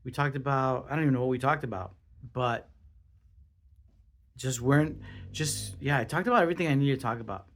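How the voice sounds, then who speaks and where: A young man hosting his own podcast, talking casually in an excitable, rambling way with lots of swearing and restarts. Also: mid-range voice, quick pace, long pauses, slight background noise. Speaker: podcast host. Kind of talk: casual solo podcast monologue.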